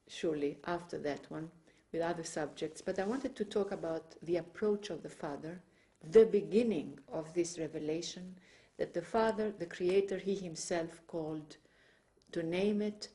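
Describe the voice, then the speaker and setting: Soft-spoken woman with a mellow low voice. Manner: gentle, earnest, searching for words, restarts often. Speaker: speaker recounting her religious experience. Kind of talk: slow personal testimony.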